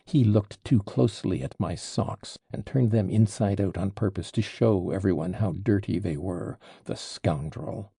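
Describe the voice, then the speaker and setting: A man's voice: deep voice, unhurried, creaky, hardly any pauses, warm tone, slightly rough, dry recording, clean studio sound, exaggerated voice. A man reading an audiobook, voicing an agitated, proud young man under arrest in impassioned, indignant outbursts. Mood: bitter.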